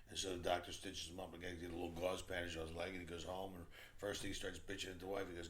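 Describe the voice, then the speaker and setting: A man's voice: deep voice, flat delivery, very fast, hardly any pauses, a little hiss or hum. A male comedian chatting as a guest and telling crude jokes, swearing constantly. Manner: profane, crude storyteller. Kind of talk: casual chat, telling dirty jokes.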